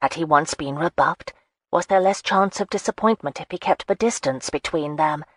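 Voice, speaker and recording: A woman narrating a romance audiobook in a steady, even storytelling manner. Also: deep voice, moderate pace, no room sound. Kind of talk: scripted narration.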